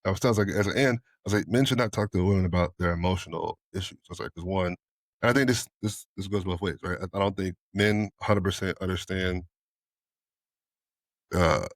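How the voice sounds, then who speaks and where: Fast-talking low-voiced man telling stories. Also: no echo, clean studio sound. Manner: animated storyteller acting out both sides of conversations, swears freely. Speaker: podcast co-host. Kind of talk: candid casual chat.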